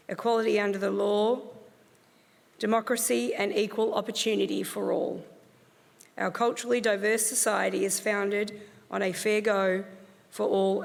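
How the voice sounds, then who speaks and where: An Australian woman presiding over a ceremony, giving a measured, formal scripted address in an echoey hall. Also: mid-range voice, vocal fry. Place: large hall with long reverb. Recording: echoey hall, long reverb.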